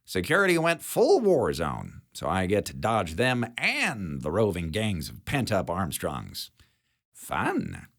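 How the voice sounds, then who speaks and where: A man's voice: sits low, huge pitch swings, takes it slowly, a bit bright, exaggerated voice. A man voicing a blunt, jaded female security chief who smokes and talks in a dry, sardonic way.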